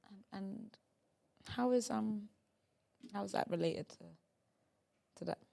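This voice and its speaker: A woman's voice: mid-range voice, slow pace, vocal fry, dark tone. A young woman hosting a casual comedy podcast, playful and prone to acting out lines in silly voices. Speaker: podcast host.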